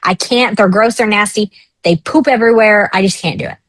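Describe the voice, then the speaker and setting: A woman in her thirties, guesting on a talk show, recounts a personal story with lively frankness and acts out the voices of the people in it. Her mid-range voice moves briskly, and the low-quality recording has no echo.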